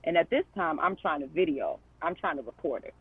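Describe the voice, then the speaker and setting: A woman's voice: low-pitched, expressive, fairly quick, husky, dry recording. A woman guest on a podcast, telling a story in a conversational way, full of fillers and quoted dialogue. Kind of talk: casual storytelling. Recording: tinny phone-like line.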